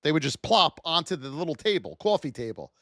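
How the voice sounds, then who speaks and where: A man's voice: on the high side, sing-song, brisk, sharp tone, no echo, clean studio sound. A man hosting a live trading stream in a blunt, chatty way, telling stories, reading out price levels and calling out to viewers by name.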